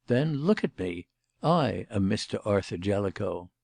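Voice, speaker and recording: Casting: man reading an icy, formal gentleman, gravelly and dark, speaking with detached precision. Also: lowish voice, very animated, measured pace, no room sound, full character voice. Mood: cold. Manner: passionless and formal. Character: cold, commanding male suspect.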